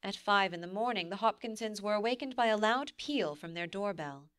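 A woman reads a classic novel aloud in a measured, expressive narration at a middling pitch. Her voice is close and completely dry, with no room sound. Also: no echo. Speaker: audiobook narrator. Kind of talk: scripted narration.

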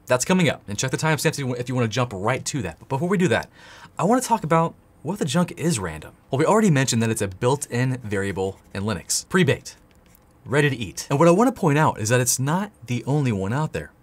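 A man's voice: mid-range voice, very animated, fast talker. A man hosting a tech tutorial, playful and jokey, talking straight to the viewer as he types. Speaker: tech course host. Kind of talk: energetic screen-share tutorial.

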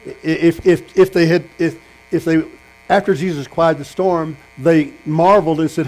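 Fairly high-voiced preacher man. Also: fairly even intonation, normal speed, a little mellow, poor audio. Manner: storytelling, asks the congregation questions. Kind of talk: sermon. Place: tent meeting.

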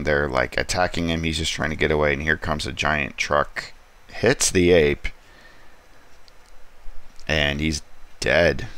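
A man hosting a casual comic book review, rambling through the plot with relaxed asides and frequent ums. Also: rumbling low, clean tone.

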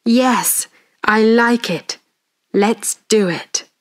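Lady reading as a gentle kindly rich gentleman, slow and caring. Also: fairly high pitch. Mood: concerned.

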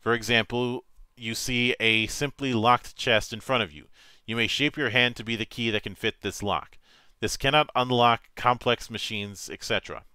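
A man acting as game master, reading tabletop game rules aloud in a measured, matter-of-fact way with small stumbles. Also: medium pitch, fairly even intonation, sharp tone, smooth, no echo.

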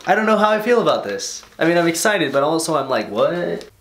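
An excitable young man with a slightly high voice, swearing casually and laughing often as he opens fan mail. He is recorded in an echoey bedroom with faint background noise. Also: fairly quick. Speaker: vlogger. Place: bedroom at home.

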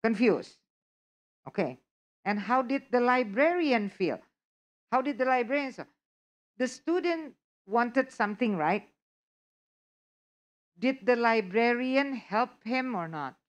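Slow-talking teacher. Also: female voice, on the high side, animated, lo-fi sound. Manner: coaxing, checks in with the class often. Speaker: English test prep teacher. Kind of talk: live online lesson.

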